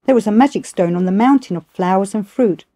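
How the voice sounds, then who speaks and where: A woman's voice: mid-range voice, fairly quick, dark tone, lightly acted. A woman voicing an eager, cheeky male monkey who begs humbly to study. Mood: earnest.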